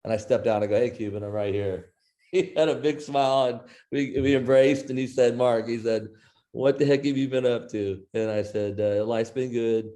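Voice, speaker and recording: A man's voice: mid-range voice, normal speed. A middle-aged man from Iowa, a guest author telling a long anecdote in an interview and quoting the people in it. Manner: animated anecdote teller, quoting others in his own voice. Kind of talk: storytelling in an interview.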